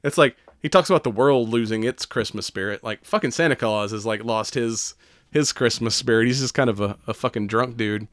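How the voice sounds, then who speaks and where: A man co-hosting a casual podcast, retelling a movie in a loose, rambling way with plenty of swearing and laughter. His voice is smooth and clear. The sound is dry and close. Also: mid-range voice, brisk, no echo. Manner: profane, rambling, laughs often. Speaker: podcast co-host.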